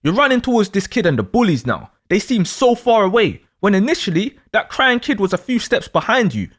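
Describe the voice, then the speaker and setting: A man telling a dramatic second-person story, in an animated way. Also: high-pitched, fairly quick. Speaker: astrology storyteller.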